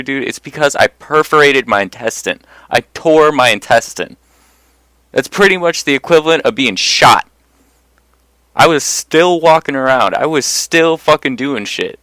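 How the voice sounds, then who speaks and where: A man's voice: mid-range voice, lively intonation, moderate pace, a bit bright, clear, resonant tone, no echo. A young man telling personal stories in a casual monologue, blunt and profane, getting worked up as he goes. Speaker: vlogger.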